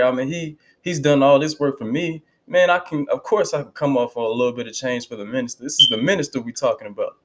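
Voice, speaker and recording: In a reaction video about a speech, the channel host talks casually and emphatically, with fervent bursts and lapses into quoting others. His mid-range voice has a darkish tone.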